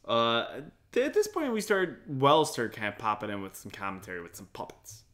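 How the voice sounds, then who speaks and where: A man's voice: medium pitch, wildly swooping pitch, fairly quick, fairly bright tone. A man co-hosting a podcast in casual chat, sarcastic and swearing freely. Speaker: podcast co-host.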